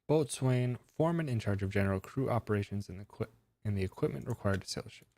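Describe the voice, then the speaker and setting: A man's voice: lowish voice, lively intonation, fast, dark tone. A man streaming a game, musing aloud as he works through its puzzles in casual commentary.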